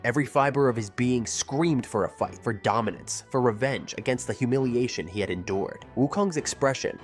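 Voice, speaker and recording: A man reading a scripted fan-fiction action story in a steady, dramatic narrating manner. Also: mid-range voice.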